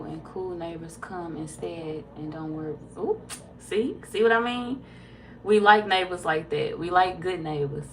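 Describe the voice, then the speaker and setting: A woman tarot reader casually chatting with viewers on a livestream, reading their comments aloud, laid-back and quick to laugh. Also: fairly low pitch, vocal fry, a little hiss or hum.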